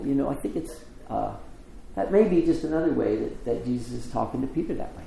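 A middle-aged man preaching a sermon, telling the story with lively acted quotes and conversational asides. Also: medium pitch, fairly quick, creaky, reverberant, a little hiss or hum, poor audio. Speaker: pastor.

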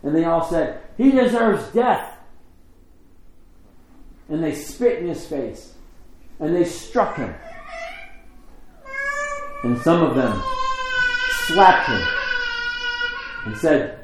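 A man giving a measured, expressive liturgical scripture reading in a church. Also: on the high side, reverberant, noisy background. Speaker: scripture reader.

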